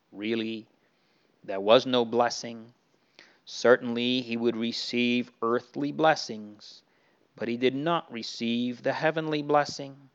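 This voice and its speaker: Earnest guy telling kids a bible story, slow and smooth, muffled old tape. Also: mid-range voice, steady tone. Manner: earnest, addressing the characters directly. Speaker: storyteller for children. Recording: dull lo-fi recording.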